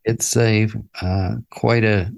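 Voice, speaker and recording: A man's voice: lowish voice, steady tone, slow pace, gravelly. An older man, a guest in an interview, recalling his past in a reflective, chuckling way with many fillers and restarts. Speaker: interview guest, musician and author. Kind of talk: casual interview storytelling.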